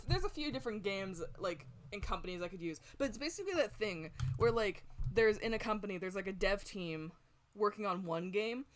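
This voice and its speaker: A woman streamer chatting casually and rambling, swearing a lot and laughing often, on a close desk mic at home. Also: medium pitch. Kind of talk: casual stream chat while drawing.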